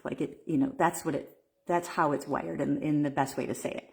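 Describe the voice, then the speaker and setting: Low-voiced woman coaching casually. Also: fairly quick, darkish tone. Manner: casual, rambling with fillers and restarts. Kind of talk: Facebook Live talk.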